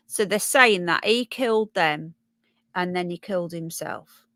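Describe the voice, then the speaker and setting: A Birmingham woman with a Brummie accent hosts a casual livestream, reading news and viewer comments while chatting, thinking aloud and stumbling over names. Her voice sits lowish, unhurried yet pushed and bright, and the recording is dry.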